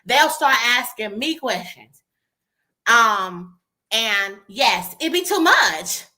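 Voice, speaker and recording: A woman with a Southern US accent co-hosting a casual online chat, animated and quick to laugh. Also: a little high. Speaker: co-host.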